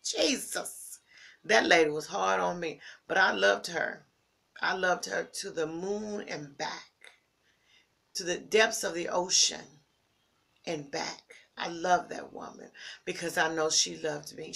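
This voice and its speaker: A grieving woman giving a heartfelt personal tribute, slow and near tears, repeating her phrases and dropping at times into breathy whispers. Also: fairly low pitch, fairly even intonation, fairly bright tone. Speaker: vlogger sharing a personal tribute. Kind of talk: emotional personal monologue.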